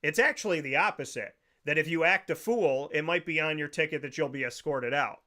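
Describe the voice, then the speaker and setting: A man's voice: on the high side, fairly quick, pushed and bright. A man hosting a sports talk show, ranting emphatically and preaching, often repeating phrases for effect. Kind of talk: opinionated podcast rant.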